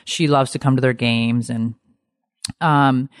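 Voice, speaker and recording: A middle-aged woman co-hosting a podcast, telling stories in a lively, gossipy way and swearing freely. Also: rumbling low, slow pace, no room sound, clean studio sound. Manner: animated, gossipy storytelling with swearing. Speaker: podcast co-host. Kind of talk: casual chat.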